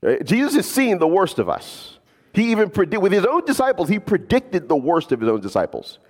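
A man preaching a sermon as a pastor, animated and casual, slipping in jokes. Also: high-pitched, brisk, big-room sound.

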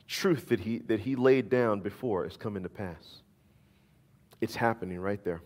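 A man's voice: mid-range voice, long reverb tail. A man preaching a sermon as pastor, emphatic and repeating his key phrases.

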